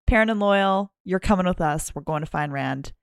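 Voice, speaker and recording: A woman's voice: on the low side, gravelly, clean tone, no room sound, studio quality. A woman co-hosting a podcast, recapping a plot in an amused, chatty way. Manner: amused, recapping with quick asides. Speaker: podcast co-host.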